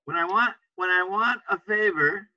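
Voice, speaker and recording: A man's voice: high voice, normal speed, sharp tone, no room sound, lo-fi sound. A man teaching an English class to students, patiently repeating example phrases and often checking understanding with "right?".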